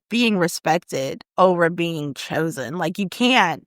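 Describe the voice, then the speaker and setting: A woman co-hosting a podcast in casual chat, leading the talk through topics with lively, animated delivery and quick murmurs of agreement. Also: on the low side, dry recording, clean studio sound. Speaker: podcast co-host.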